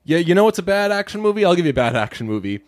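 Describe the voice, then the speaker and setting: Casting note: male co-host with a fairly high voice, joking, dry close sound. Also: rapid-fire, no echo. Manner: jokey, acts out mocking voices in animated bursts. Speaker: podcast co-host. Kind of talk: casual chat.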